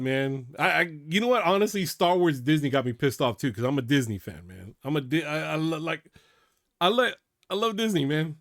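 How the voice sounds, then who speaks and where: A man's voice: on the high side, moderate pace, dry recording, clean studio sound. A man hosting a reaction video who gets worked up, talks emphatically and tacks "man" onto his sentences. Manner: worked up, repeats "man" often; emphatic, drops loud to quiet. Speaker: channel host.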